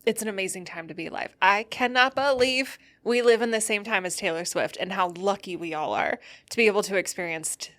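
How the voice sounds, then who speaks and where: A woman's voice: medium pitch, fairly bright tone. A tired, loopy woman hosting a casual solo podcast, rambling and laughing often as she tells a story. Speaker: podcast host.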